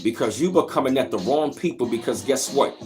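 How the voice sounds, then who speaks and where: A man's voice: medium pitch, lively intonation, a little fast, darkish tone, soft background music. A man hosting his channel, ranting in heated reaction commentary with profanity and repeated rhetorical questions. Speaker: channel host.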